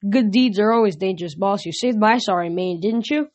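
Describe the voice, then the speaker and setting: A woman's voice: mid-range voice, brisk, a little mellow, lightly acted. Woman doing a loyal, jokey flying horse. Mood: friendly.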